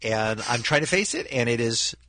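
Animated man, exasperated radio host. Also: mid-range voice, moderate pace, no room sound. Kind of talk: casual radio chat.

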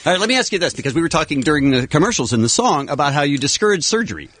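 A man co-hosting a talk show, reacting in a quick, skeptical and amused way. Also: a little high, big pitch swings, fairly bright tone, no echo.

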